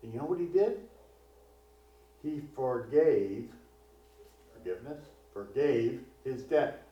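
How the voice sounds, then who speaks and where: A man's voice: mid-range voice, expressive, takes it slowly, pauses often, warm tone. A male pastor preaching a sermon in a conversational way, full of rhetorical questions. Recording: distant, echoey, dull hall recording.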